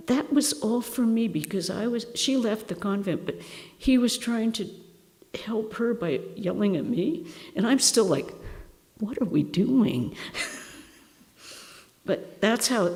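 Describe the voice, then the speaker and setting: An older woman, a nun, tells spiritual stories at a retreat. She talks slowly, with self-deprecating humor and frequent laughs. Her voice trails off into a long hall reverb. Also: mid-range voice, a little mellow. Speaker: nun giving a retreat talk. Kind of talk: reminiscing spiritual talk.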